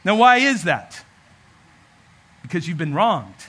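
A man preaching a sermon as pastor, animated and humorous, acting out everyday scenes. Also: sits high, takes it slowly, breathy edge.

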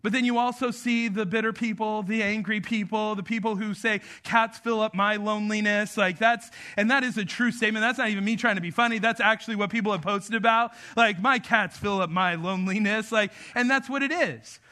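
A man in his thirties from New Mexico delivers a sermon with a high voice. His tone is bright and forceful, and he preaches in a casual, joking, storytelling way. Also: a little fast, few pauses. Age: 30s. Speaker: pastor.

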